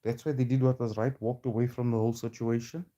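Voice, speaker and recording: Dark-voiced man ranting. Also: medium pitch, little pitch movement, fast talker. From South Africa. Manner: taunting, challenging, repeats himself. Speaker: protester. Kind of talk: confrontational street rant.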